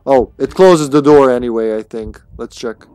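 A man's voice: medium pitch, normal speed, mellow, clear, resonant tone, no room sound. A man streaming a video game, chatting casually and playfully, often laughing at himself. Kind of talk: casual gameplay commentary.

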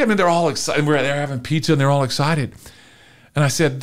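A middle-aged man from Texas, a marketing consultant guest telling an animated, emotional story and acting out dialogue in a podcast interview. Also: fairly high pitch, fast. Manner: lively, emotional storyteller, often acts out dialogue.

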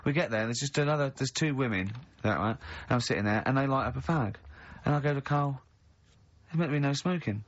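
A man's voice: medium pitch, quick pace, few pauses. A man hosting a radio show, teasing his co-hosts and telling rambling stories in casual banter. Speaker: radio host. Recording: dull lo-fi radio recording.

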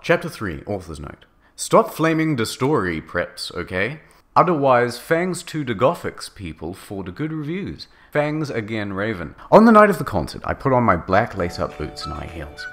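A man narrating a comedic dramatic reading with a mocking, lively delivery. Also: fairly low pitch, moderate pace.

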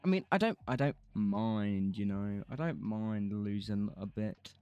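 A man's voice: on the low side, unhurried, smooth, dull audio. A man streaming a game, rambling casually, swearing and humming bits of songs. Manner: rambling, sings snatches of songs, swears freely. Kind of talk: casual gameplay commentary.

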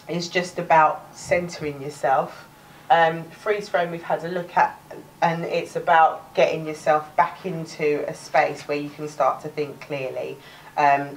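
A woman's voice: deep voice, distant mic, slight background noise, poor audio. A woman with a Cockney accent teaching a live workshop, chatty, restarting words and laughing often. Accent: London Cockney. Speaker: workshop presenter.

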